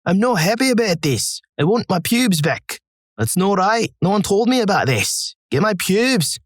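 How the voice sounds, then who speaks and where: A man voicing an outraged young Scottish man shouting from a hospital bed in a broad Scottish accent. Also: sits high, very animated, normal speed, no echo, clean studio sound, voice pushed up. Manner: shouting indignantly.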